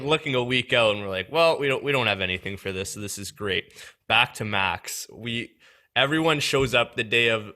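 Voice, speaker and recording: A man's voice: lowish voice, pushed and bright. A young man with a Canadian accent hosting a podcast, chatting casually and adding backstory. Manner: chatty, adds backstory with fillers. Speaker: podcast host.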